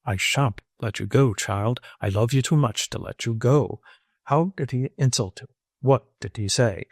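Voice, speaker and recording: A man reading an audiobook, voicing a sick, jealous old man who wails, pleads and rages in turn, his voice climbing high and loud. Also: unhurried, vocal fry, no echo, studio quality. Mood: angry. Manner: querulous, wailing, pleading. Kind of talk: audiobook character voice.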